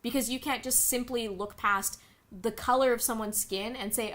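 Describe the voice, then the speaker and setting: A woman's voice: on the high side, animated, moderate pace, sharp tone. A young woman streaming, ranting in a profane, exasperated way and answering chat messages. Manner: reads chat messages aloud and answers them. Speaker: streamer reacting to news. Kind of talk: live-stream commentary.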